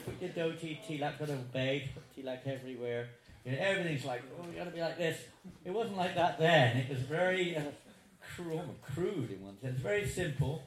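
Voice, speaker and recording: A man in his seventies with a voice on the high side and lively intonation tells stories at a moderate pace to a live audience, chatty, chuckling and prone to digressions. The anecdotal talk has a roomy hall echo and faint noise.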